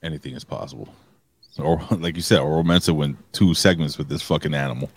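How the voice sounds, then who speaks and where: With a rumbling low voice edged with breathiness, this man speaks quickly and in a steady tone, with no room sound. He co-hosts a wrestling review podcast, talking casually and animatedly, swearing freely and restarting sentences.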